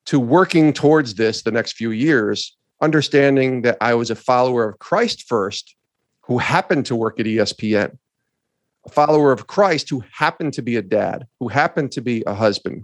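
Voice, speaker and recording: A middle-aged man co-hosting a talk show, telling a story in an earnest, animated way and acting out the people he quotes. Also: medium pitch, no room sound, clean studio sound. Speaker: podcast co-host. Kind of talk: storytelling in a conversation.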